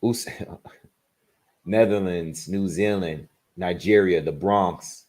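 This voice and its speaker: A man hosting a casual boxing livestream, reading out where his viewers are from in quick bursts and thinking aloud as he gives his predictions. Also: sits low, a little mellow.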